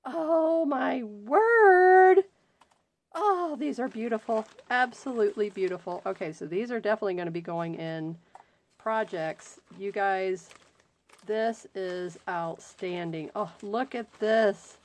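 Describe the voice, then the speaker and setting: A woman hosting a crafting video, casually chatting as she unboxes gifts and gushes over each one. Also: medium pitch. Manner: gushing, exclaims often, slow drawn-out delight. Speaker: crafting channel host. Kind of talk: unboxing happy mail, casual chat.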